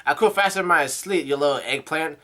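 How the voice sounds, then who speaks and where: A man reading the lines of a gruff old male head chef, over sixty, in a scolding, name-calling manner. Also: on the high side, fairly quick, pushed and bright.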